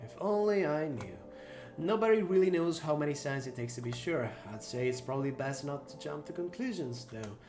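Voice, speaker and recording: A man voicing a relaxed neighbor on the phone, quiet and low. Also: moderate pace, faint music behind, lightly acted. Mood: easygoing. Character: laid-back male neighbor giving advice.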